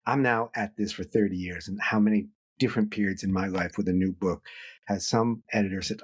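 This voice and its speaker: A middle-aged man speaks as a guest author in a podcast interview. His voice sits low and has a husky grain. He talks in an animated way. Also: brisk. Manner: animated, acts out quoted voices.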